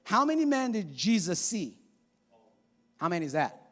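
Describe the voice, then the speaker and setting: Very high-voiced man preaching a sermon. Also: normal speed. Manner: animated, acting out voices in the story. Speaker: pastor. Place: church sanctuary.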